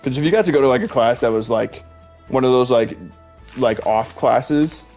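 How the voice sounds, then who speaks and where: A young man in his twenties chats casually on a stream, rambling from one story to the next and filling every gap with "like." His mid-pitched voice has a gravelly edge. Faint music plays under him. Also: moderate pace, a little mellow. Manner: rambling, heavy use of "like", chatty storytelling. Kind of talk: casual chat.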